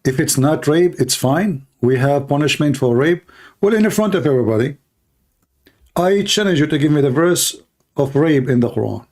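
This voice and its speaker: A man with a fairly high, expressive, slightly mellow voice hosts a confrontational livestream debate at a moderate pace. He argues emphatically and challenges his listeners, his throat dry and often cleared.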